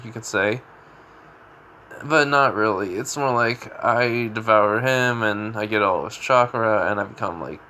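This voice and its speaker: A man's voice: medium pitch, bright, forceful tone, a little hiss or hum. A man casually retelling a story, rambling with lots of fillers and restarts.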